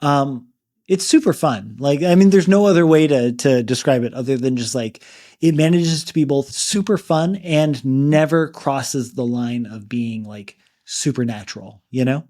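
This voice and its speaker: A man's voice: medium pitch, normal speed, warm tone. A man co-hosting a book podcast, retelling a story in a loose, chatty way full of "like" and "you know". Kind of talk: casual book discussion.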